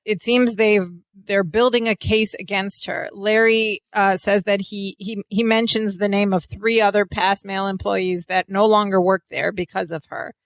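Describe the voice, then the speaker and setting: A woman's voice: mid-range voice, steady tone, normal speed, few pauses, no room sound. A woman co-hosting a rewatch podcast, chatting through sitcom scenes with lots of "like". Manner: chatty, narrates scenes with filler "like". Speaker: podcast co-host. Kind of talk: casual rewatch recap chat.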